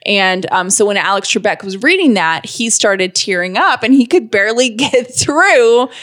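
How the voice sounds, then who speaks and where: A woman's voice: medium pitch, lively intonation, normal speed, fairly bright tone. A woman co-hosting a podcast, chatting casually and getting emotional as she talks. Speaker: podcast co-host. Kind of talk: casual chat.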